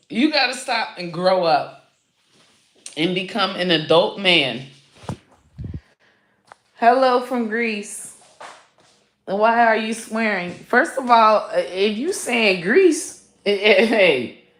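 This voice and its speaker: A woman comedian hosting a live stream, ranting with constant profanity in a loud, rambling way. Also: medium pitch. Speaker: comedian host. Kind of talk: live-stream comic rant. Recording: echoey room.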